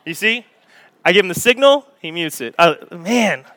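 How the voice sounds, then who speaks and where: A man preaching a sermon to a congregation, animated and storytelling, acting out scenes with raised voices. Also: high-pitched, moderate pace. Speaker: pastor. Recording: echoey hall.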